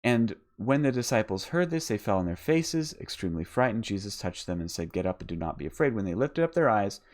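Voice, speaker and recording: Guy teaching bible stuff live, lowish voice, stumbles and restarts a lot as he goes. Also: sing-song, brisk, a little mellow. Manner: unscripted, frequent restarts and repeated words. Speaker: podcast host and Bible teacher.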